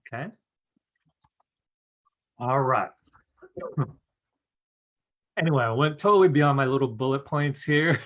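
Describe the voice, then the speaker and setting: Man, psychic teacher, live class, chatty, upbeat, mid pitch. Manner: chatty, fills with "you guys" and "right?"; earnest and upbeat, laughs often. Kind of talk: live-streamed teaching talk.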